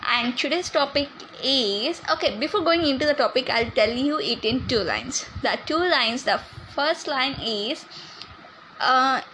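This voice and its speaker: Bright high-voiced young woman hosting. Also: slight background noise, low-quality recording. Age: young adult. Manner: chatty, teasing, laughs often. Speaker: podcast host. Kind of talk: casual podcast chat.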